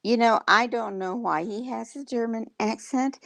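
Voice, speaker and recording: A woman hosts a casual livestream and chats with her viewers. She talks in an unhurried, teasing, rambling way, with lots of fillers. Her voice is smooth and clear, recorded dry and close. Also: on the high side, steady tone, a bit bright, no room sound. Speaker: livestream host.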